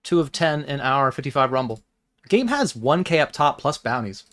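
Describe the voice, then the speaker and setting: A man talks half to himself as he plays online poker on a stream, tallying what is left and tossing off dry asides. His voice sits at a middling pitch, and his tone stays casual and mumbling. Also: big pitch swings, moderate pace, fairly bright tone. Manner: muttering, wry, thinks aloud. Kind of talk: casual live-stream commentary.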